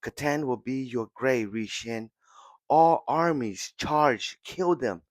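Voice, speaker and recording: A man's voice: mid-range voice, slow pace, no room sound, pitched above the performer's own voice, natural voice. A man voicing a ruthless enemy general from a comic, drawling out commands to charge. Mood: commanding.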